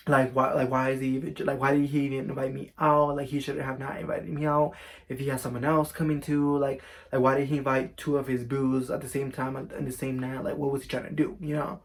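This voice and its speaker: A man's voice: medium pitch, flat delivery, brisk, vocal fry. A man vlogging a casual storytime from his bedroom, chatty and profane, saying "like" constantly.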